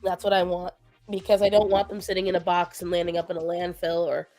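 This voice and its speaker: A woman's voice: fairly low pitch, flat delivery, quick pace, warm tone, faint music behind. Tired woman rambling on a livestream. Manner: rambling, talks to her pets in baby talk between stories. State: tired and low after a long week. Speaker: stream host. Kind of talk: casual chat on a livestream.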